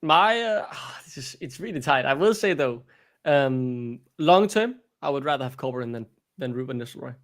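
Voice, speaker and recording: A man's voice: mid-range voice, lively intonation, moderate pace, fairly bright tone. A man co-hosting a fan podcast, talking with passion about his team's defenders and repeating points emphatically. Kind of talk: casual football fan chat.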